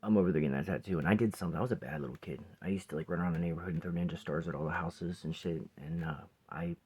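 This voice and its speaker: Man, 40s, very low husky voice; rambling vlog storyteller, swears, drifts into hushed asides. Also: racing. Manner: rambling, swears often, drops to a near whisper at times. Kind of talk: casual personal storytelling to camera. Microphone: phone or camera close by.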